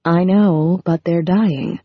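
A woman voicing Phoebe, a grown daughter speaking calmly and dryly in an audiobook. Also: lowish voice, slow pace, husky, no room sound, phone-quality sound. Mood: restrained. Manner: dry, controlled, quietly firm.

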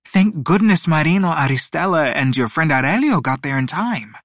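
A man's voice: fairly high pitch, lively intonation, normal speed, fairly bright tone, no echo, studio quality, voice pushed up. A man voicing a tall, feathered goddess mother who is tender and doting, in a sing-song, affectionate voice. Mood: fond. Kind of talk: audiobook character voice.

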